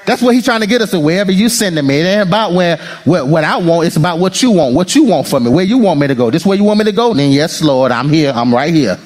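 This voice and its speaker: A male pastor delivers a call-and-response sermon at a quick pace with few pauses. He acts out prayers and quotations, swinging between excited outbursts and quiet, murmured prayer.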